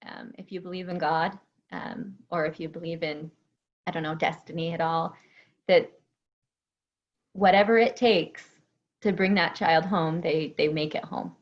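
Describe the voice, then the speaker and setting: Low-voiced woman host, lo-fi sound. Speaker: podcast host. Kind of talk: interview talk. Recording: dull lo-fi audio.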